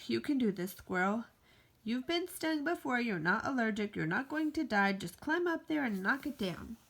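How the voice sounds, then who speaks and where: A woman's voice: on the high side, big pitch swings, normal speed, fairly bright tone, exaggerated voice. A woman voicing an anxious male squirrel who nervously talks himself into being brave. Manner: nervous self-talk, building up courage. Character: anxious talking male squirrel, jittery worrier.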